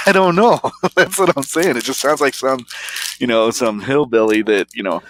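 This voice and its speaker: A man's voice: mid-range voice, lively intonation, moderate pace, fairly bright tone, a little hiss or hum. A man co-hosting a casual snack-review podcast, talking in a laid-back, rambling way and chuckling often. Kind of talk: casual chat.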